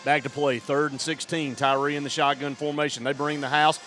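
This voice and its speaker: A man doing play-by-play for a high school football game, building to excited shouts on big plays. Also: fairly quick, hardly any pauses, slight background noise. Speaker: play-by-play announcer.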